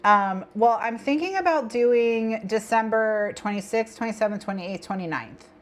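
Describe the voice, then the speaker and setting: A woman hosting a casual co-working livestream, talking in a rambling, chatty way with bursts of excitement. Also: a little high, moderate pace. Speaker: livestream host. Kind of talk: casual co-working stream chat.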